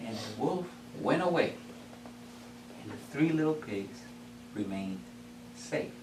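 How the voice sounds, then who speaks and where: Animated man telling a story in an echoey hall. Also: fairly low pitch, takes it slowly, background noise. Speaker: club speaker. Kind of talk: storytelling speech. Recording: echoey room from far off.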